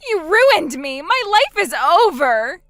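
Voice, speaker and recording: A woman's voice: a little high, very animated, a little slow, a bit bright, dry recording, clean studio sound, soft background music. A woman voicing a smug, gloating younger sister in a dramatized text-message story, mocking her older sister. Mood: panicked. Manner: mocking, taunting.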